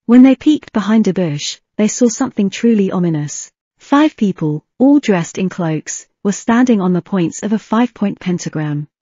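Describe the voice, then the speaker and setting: A woman narrating a fan fiction audiobook with a steady reading pace and an occasional slip. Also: medium pitch, moderate pace, no room sound, muffled recording.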